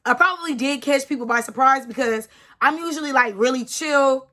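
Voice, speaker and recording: In this storytime vlog, a twenties-aged woman recounts something that happened to her, speaking briskly in a high, bright, forceful voice. Her delivery is emphatic and repetitive, packed with "like."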